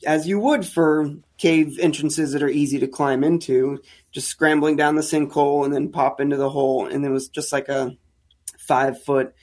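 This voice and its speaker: A man telling a caving story as a podcast guest, casual and animated, acting out the lines of people in it. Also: a little high. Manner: animated, acts out quoted dialogue. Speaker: guest, caver.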